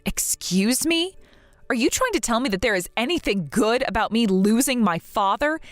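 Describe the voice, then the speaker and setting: A woman's voice: a little high, animated, normal speed, no echo, natural voice. A grieving young wife pleads earnestly, as a woman acts her out in a dramatized story. Her voice moves expressively through its range, recorded dry and close over faint background music. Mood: hurt.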